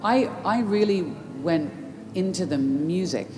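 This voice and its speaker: A woman's voice: on the low side, expressive, unhurried, over music. Reflective woman answering questions in a roomy tent. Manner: reflective, restarts mid-thought. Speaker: festival Q&A guest. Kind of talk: thoughtful answers to audience questions. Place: large festival tent. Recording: roomy festival tent with background noise.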